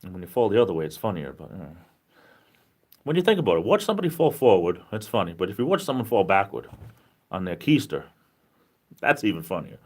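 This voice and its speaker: A man's voice: deep voice, big pitch swings, fast talker, long pauses, slightly rough. Rambling, tired Rhode Island man. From New England. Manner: rambling, upbeat, laughs often. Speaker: livestream host. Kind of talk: casual livestream chat reading viewer comments.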